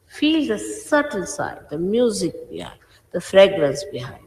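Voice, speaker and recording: A woman's voice: medium pitch, very animated, a little slow, darkish tone. A woman, a spiritual teacher, gives an informal, emphatic sermon, admonishing her followers. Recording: echoey hall with faint hiss.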